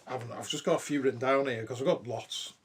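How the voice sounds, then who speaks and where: A man's voice: medium pitch, steady tone, a little fast, a little hiss or hum. A man, hosting a podcast and telling a ghost story in a casual, sweary way. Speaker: podcast host.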